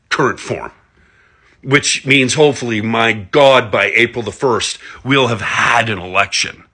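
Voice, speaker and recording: A man's voice: bright, forceful tone, slightly rough. A man from Alberta, ranting about politics in a sarcastic monologue full of swearing. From Alberta, Canada. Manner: sarcastic, heavy swearing, big pitch swings. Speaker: political commentator.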